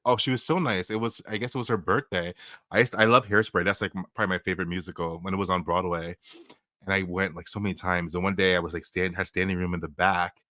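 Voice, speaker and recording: A man co-hosting a podcast over a video call, his voice sitting on the low side. The sound is dry and close, with no room around it. He chats warmly and laughs easily. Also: steady tone, fast talker, no echo. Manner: warm, laughing, chatty. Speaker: podcast co-host. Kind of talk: casual podcast chat.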